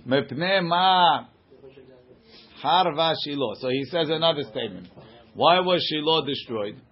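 A man's voice: fairly high pitch, animated, measured pace. A man teaching an informal text-study class, translating passages line by line in a conversational way. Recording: dull lo-fi recording.

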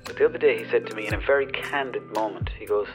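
A man's voice: fairly low pitch, rapid-fire, music in the background. A man hosting a podcast, doing a put-on rural Irish accent in a rambling, sweary, mock-boastful comic rant. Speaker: podcast host.

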